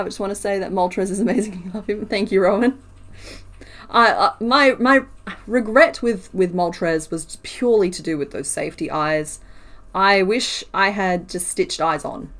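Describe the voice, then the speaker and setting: Chatty woman counting crochet stitches. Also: on the low side. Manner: chatty, counts stitches aloud, reads and answers chat. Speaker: crochet streamer. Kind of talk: casual livestream chat while crocheting.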